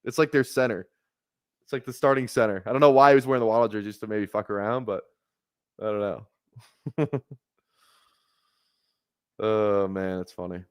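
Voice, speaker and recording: A man's voice: on the low side, fairly even intonation, moderate pace, long pauses, clear, resonant tone, no echo, clean studio sound. A man casually rambling on a live stream while drafting fantasy football, talking loosely with filler words and the odd curse. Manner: laid-back rambling with frequent laughs and swearing.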